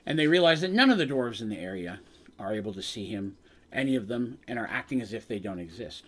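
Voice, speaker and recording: A man's voice: fairly low pitch, animated, fast. A man acting as game master, retelling a tabletop game session in dramatic narration with casual asides.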